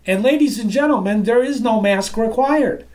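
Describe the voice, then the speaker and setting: A man presenting a sales-training talk from his office, emphatic and energetic, moving around as he speaks and often addressing the audience as ladies and gentlemen. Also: very high voice, normal speed. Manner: moves around while talking.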